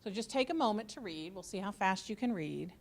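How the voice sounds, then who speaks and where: Give me a woman college instructor addressing new students with dry sarcasm and a very animated voice. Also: mid-range voice, a little fast, background noise. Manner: sarcastic and joking. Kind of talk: orientation talk to students.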